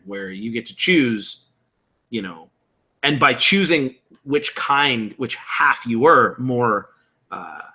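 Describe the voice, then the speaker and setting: Bright-voiced man explaining game rules. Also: mid-range voice. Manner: casual, explanatory, reads chat aloud. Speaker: tabletop game host. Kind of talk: live-streamed tutorial chat.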